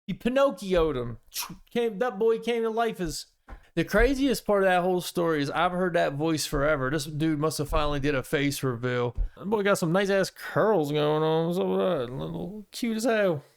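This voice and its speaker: A man's voice: a little high, moderate pace, gravelly. A man giving rambling, profane, joking reaction commentary on videos. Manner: joking, crude, rambling asides.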